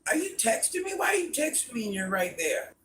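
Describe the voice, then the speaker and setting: A man's voice: very high-pitched, sing-song, fairly quick, fairly bright tone, a little hiss or hum. A man rambling through a casual live stream, answering viewer comments and talking to people off camera in a folksy way.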